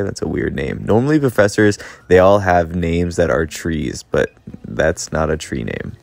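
Young man, very low voice, dry close sound, chatty gameplay commentary, self-deprecating. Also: vocal fry, a little mellow, no room sound. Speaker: gaming vlogger.

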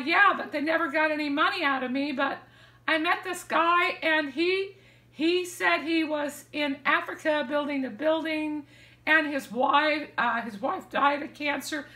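Woman host, very high bright voice, rambling casual advice, roomy echo. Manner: rambling, repeats words, many fillers.

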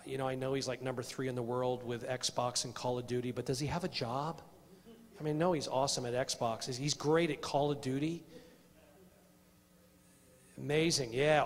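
Middle-aged male preacher in an echoing hall. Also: mid-range voice. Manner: chatty and self-deprecating, tells personal stories and quizzes the audience. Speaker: preacher leading a conference workshop. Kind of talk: conference workshop talk to men. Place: church hall. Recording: reverberant church hall.

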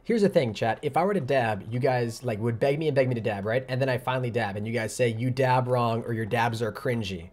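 A young man chatting casually on his gaming live stream, reading out viewer messages. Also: medium pitch. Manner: fast, chatty, reads viewer messages aloud.

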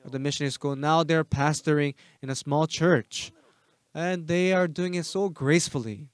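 A man preaching a sermon as pastor, emphatic, firing rhetorical questions at the congregation and swinging between loud urging and soft asides. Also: on the high side, moderate pace, no room sound.

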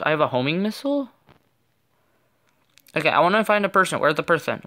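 Excitable young man narrating gameplay. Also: a little high, fast talker, long pauses. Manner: excitable, playful trash talk. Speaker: gaming channel host. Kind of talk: casual gameplay commentary.

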